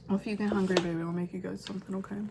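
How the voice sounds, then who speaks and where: A woman's voice: medium pitch, level tone, rapid-fire, vocal fry, noisy background. A woman in her thirties, a mother and vlogger, chatting casually at home in a rambling, filler-heavy way. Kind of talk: casual vlog chat.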